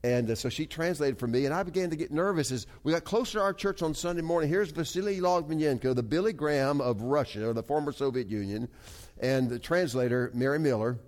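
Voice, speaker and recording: A man preaching a sermon as a pastor, telling a story earnestly with many halting restarts and swings from soft asides to emphatic climbs. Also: on the high side.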